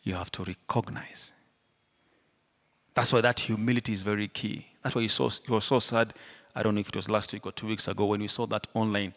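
A man preaching a sermon, animated, swinging between loud emphatic lines and hushed ones, often laughing. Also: on the low side, fairly quick. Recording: hall reverb.

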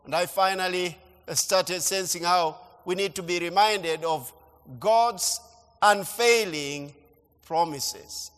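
A man preaching a sermon, emphatic and repeating phrases as he swings between loud and soft. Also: high voice, steady tone, unhurried, clear, resonant tone, in a large hall. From Kenya. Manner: emphatic, repeats phrases, rising and falling delivery. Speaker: pastor. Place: church.

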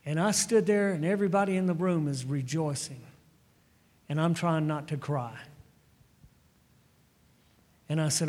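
A man's voice: on the high side, moderate pace, darkish tone. A middle-aged male preacher telling a personal testimony in a sermon, with frequent restarts and stumbles. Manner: storytelling testimony with repeated restarts. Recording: long hall reverb.

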